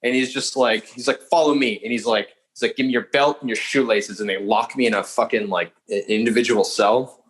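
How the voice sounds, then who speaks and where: A man's voice: mid-range voice, fairly even intonation, fairly bright tone, low-quality recording. Rambling, profane young man telling a story. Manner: swears freely, fast rambling with many fillers. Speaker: podcast guest. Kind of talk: casual storytelling.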